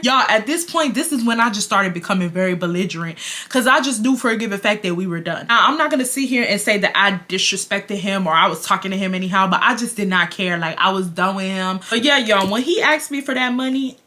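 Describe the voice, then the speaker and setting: Bright-voiced young woman telling a story. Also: mid-range voice. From Houston, Texas. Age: 20s. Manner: blunt, profane, addresses viewers as y'all. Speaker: storytime vlogger. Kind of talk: casual storytelling to camera.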